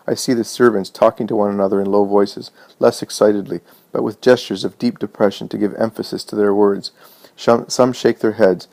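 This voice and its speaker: Low-voiced man narrating a religious text. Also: vocal fry, darkish tone. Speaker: reader.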